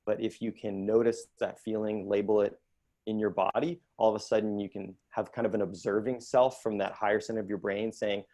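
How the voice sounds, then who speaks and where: A middle-aged man speaks as a therapist leading an online workshop. His voice sits a little low, and his delivery is calm, measured and explanatory.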